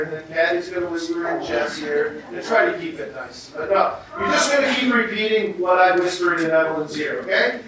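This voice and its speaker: A man's voice: high-pitched, recorded from a distance. A man preaching a sermon as pastor, casual and self-deprecating, with lots of fillers. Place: church sanctuary. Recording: very echoey church room from afar.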